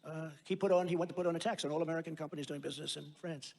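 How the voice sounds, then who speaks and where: Fast, high-voiced man giving a rambling speech. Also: fairly even intonation, vocal fry. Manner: rambling, boastful, repetitive. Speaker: political speaker. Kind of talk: rally speech.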